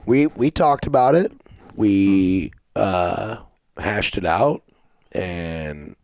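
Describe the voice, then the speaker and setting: A middle-aged man with a very deep, low voice chats casually about his racing. He is animated and profane and acts out the quotes in his stories. The recording is dry and close, with no room sound. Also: very slow, dry recording. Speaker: race car driver, podcast guest. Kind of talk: casual storytelling chat.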